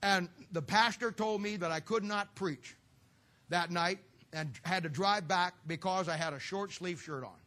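Middle-aged male preacher, high bright voice, folksy and joking, storytelling sermon. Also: measured pace. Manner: folksy, joking, sarcastic asides.

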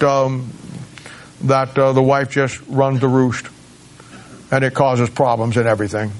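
A middle-aged man preaching a sermon. He stumbles and restarts often, then climbs to emphatic peaks when he drives a point home. His voice sits at an ordinary male pitch. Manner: halting with many restarts, rising to emphatic peaks. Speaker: pastor.

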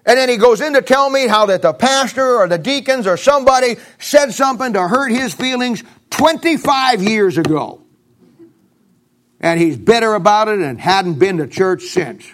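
A man's voice: high voice, expressive, moderate pace, fairly bright tone. A middle-aged male pastor preaching a sermon in a folksy, emphatic, storytelling way.

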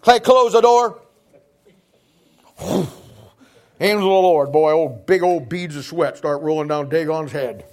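This high-pitched male preacher is animated, swinging from loud, shouted bursts to quiet asides and laughing at his own jokes. He speaks slowly with frequent pauses, delivering a sermon woven with storytelling.

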